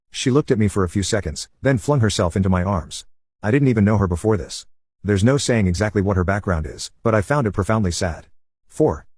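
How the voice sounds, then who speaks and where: Guy reading internet stories in an even steady voice, lowish and a bit husky. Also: dry recording, studio quality. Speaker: narrator. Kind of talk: scripted narration of online stories.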